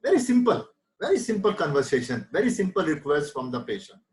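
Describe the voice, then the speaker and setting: A man's voice: fairly high pitch, sing-song, brisk, a little mellow, low-quality recording. Emphatic middle-aged Indian man lecturing. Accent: Indian English. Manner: emphatic, repeats key words, acts out patient quotes. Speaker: homeopathy teacher.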